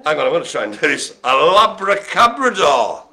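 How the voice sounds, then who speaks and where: Jokey, bright-voiced male bingo host. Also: medium pitch, very fast, gravelly. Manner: jokey, tells puns, laughs often; chatty, rambling asides. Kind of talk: live-streamed bingo calling.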